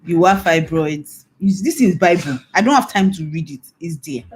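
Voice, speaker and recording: A woman's voice: fairly low pitch, expressive, moderate pace, a little hiss or hum. A middle-aged Nigerian woman pastor giving a mentoring talk, emphatic and scolding, repeating her warnings. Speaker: pastor and infidelity recovery coach.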